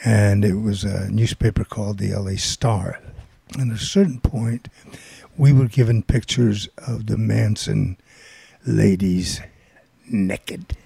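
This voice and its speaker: Gravelly older man telling a story. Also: on the low side, slow pace, no echo. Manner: rambling, animated storytelling with quoted voices. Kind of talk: casual anecdote telling.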